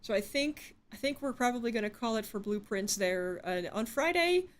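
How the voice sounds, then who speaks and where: A woman's voice: fairly high pitch, animated, moderate pace. Frustrated swearing woman streamer. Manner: frustrated, swearing, rambling with restarts. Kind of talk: casual live-stream chat.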